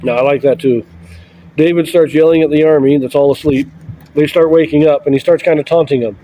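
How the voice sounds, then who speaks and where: Man, scripture reading and commentary, high pitch, mellow tone, relaxed conversational asides. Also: brisk, poor audio.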